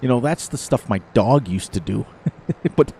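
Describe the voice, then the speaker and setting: A man's voice: mid-range voice, lively intonation, a little slow, gravelly, warm tone, a little hiss or hum. A middle-aged man hosting a gaming channel, chatting casually over gameplay and telling rambling stories with frequent laughter.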